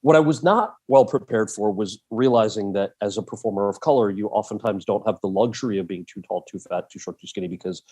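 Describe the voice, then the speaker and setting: A man in his forties, a podcast guest, telling a long story in an animated way and acting out the voices of the people in it. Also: lowish voice, quick pace, hardly any pauses, breathy edge. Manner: animated, acts out quoted voices in his anecdotes.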